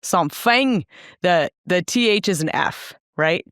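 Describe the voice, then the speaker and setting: A young woman co-hosting a podcast with low, teasing delivery. She jokes and riffs in casual chat. The sound is dry and close, with no room echo. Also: expressive, measured pace, fairly bright tone. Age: young adult. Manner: playful, teasing banter. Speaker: podcast co-host.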